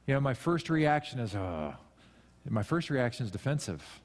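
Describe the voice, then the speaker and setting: A man's voice: medium pitch, lively intonation, a little fast. Conversational male pastor in a reverberant hall. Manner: conversational and self-deprecating, with emphatic rises. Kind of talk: sermon. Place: church sanctuary.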